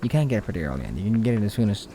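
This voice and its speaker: A man's voice: fairly low pitch, very animated, rapid-fire, warm tone, slight background noise. A man hosting a let's play, chatting casually as he plays, rambling, swearing now and then, and rolling his R's. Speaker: gaming channel host.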